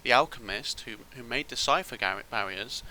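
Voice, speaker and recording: Bright-voiced man rambling through gameplay. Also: medium pitch, normal speed, low-quality recording. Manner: rambling, thinks aloud with ums and restarts. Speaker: gaming channel host. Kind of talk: casual gameplay commentary.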